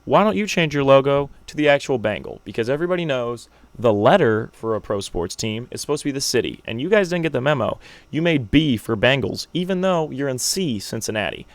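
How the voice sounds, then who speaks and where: A man's voice: medium pitch, expressive, brisk, dry recording. A young man hosting a solo sports podcast, making brash, joking predictions like a hyped-up fan. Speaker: podcast host.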